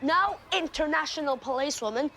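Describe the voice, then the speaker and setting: A woman's voice: high-pitched, fairly quick, sharp tone, slight background noise. A woman voicing a schoolchild who patiently and matter-of-factly explains what really happened. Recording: music playing underneath.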